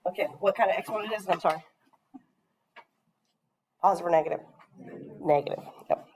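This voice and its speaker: A woman's voice: fairly low pitch, a little fast, a little mellow, slightly rough. A woman teaching a math lesson to a class. She talks patiently, often stops to ask the class questions, and her throat keeps catching with coughs.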